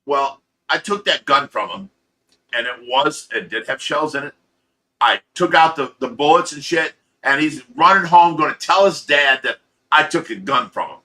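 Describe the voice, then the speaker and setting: A man with a fairly high, expressive, sharp-toned voice speaks at a moderate pace. He hosts a fish rescue channel's casual livestream, ranting bluntly and profanely, telling stories with laughs, and addressing chat commenters by name.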